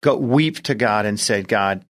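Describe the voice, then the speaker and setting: A man, a coach and guest, answering in a plain-spoken way with halting restarts. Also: medium pitch, a bit bright. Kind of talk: casual interview answers.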